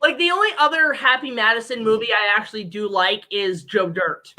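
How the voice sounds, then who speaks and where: A woman's voice: on the high side, brisk, very noisy. A woman hosting a stream, chatting casually, joking and rambling with a lot of swearing. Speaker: stream host. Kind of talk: casual chat.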